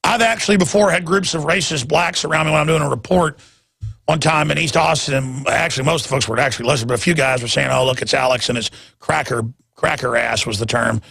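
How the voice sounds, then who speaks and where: Radio host guy ranting and rambling, gravelly and husky, kinda high voice, dry sound. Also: fast, no room sound. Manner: ranting, rambling, with sudden loud emphatic jumps. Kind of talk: talk radio monologue.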